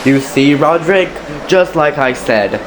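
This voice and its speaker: A man's voice: fairly high pitch, expressive, measured pace, background noise. A man voicing a pompous, proud big male express engine with a haughty drawl. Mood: smug.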